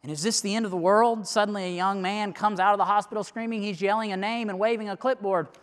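A high-pitched male preacher tells a dramatic story from the pulpit, his voice swinging from loud urgency down to hushed near-whispers. The sound carries a long reverb, as in a large church sanctuary. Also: fairly even intonation, quick pace. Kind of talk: sermon illustration told as a story.

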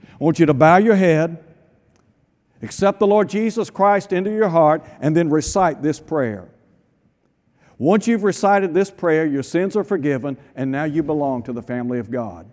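A man's voice: on the high side, normal speed. Preacher man in a reverberant hall. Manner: emphatic rhetorical questioning, drops to hushed tones. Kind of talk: sermon.

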